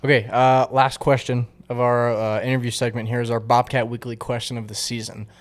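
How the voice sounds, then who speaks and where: A man's voice: medium pitch, flat delivery, brisk. A young man with a mid-range voice hosts a laid-back sports podcast. He reads listener questions and reacts with short, easygoing remarks. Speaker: podcast host. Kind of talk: casual podcast chat.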